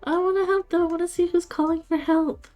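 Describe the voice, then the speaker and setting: A woman's voice: very high-pitched, steady tone, fast talker, a little mellow, faint music behind. A woman playing a tabletop game in character, playful and giggly. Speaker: player.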